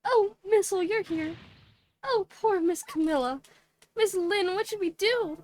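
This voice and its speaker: A woman's voice: very high voice, unhurried, darkish tone, pitched above the performer's own voice. A woman doing a squealing frantic little dog. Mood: worried. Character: small excitable loyal male dog. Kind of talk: video game dialogue read aloud.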